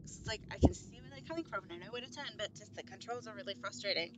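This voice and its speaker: A woman streaming a video game live, swearing and shouting at the screen one moment and muttering to herself the next. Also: medium pitch, expressive, fast, noisy background. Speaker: gaming streamer.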